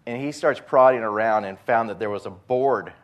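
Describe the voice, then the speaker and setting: A man's voice: lowish voice, normal speed. A male pastor preaching a sermon in a conversational storytelling way, acting out the quotes.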